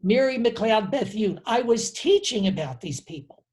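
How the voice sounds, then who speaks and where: A man in his seventies hosting a conversation, telling a personal story in an earnest, reflective way that often drops low on key phrases. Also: animated, normal speed, darkish tone. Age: 70s. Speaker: host.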